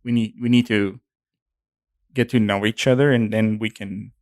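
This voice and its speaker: A man's voice: lowish voice, fairly even intonation, moderate pace, dry recording, studio quality. A young adult man from Mexico with a Mexican accent, co-hosting a podcast in a chatty way with many fillers. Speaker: podcast co-host. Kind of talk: casual chat.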